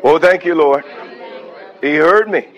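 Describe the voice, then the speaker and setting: A man's voice: fairly high pitch, unhurried, highs cut off, a faint crowd. A man preaching a sermon, breaking off into praise and hallelujahs between points.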